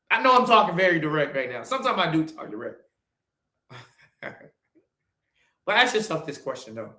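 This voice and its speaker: A man in his forties, a podcast host, giving a blunt, profane motivational talk that swings from loud urging to low, quiet asides. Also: lively intonation, normal speed, long pauses, echoey room. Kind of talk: motivational monologue.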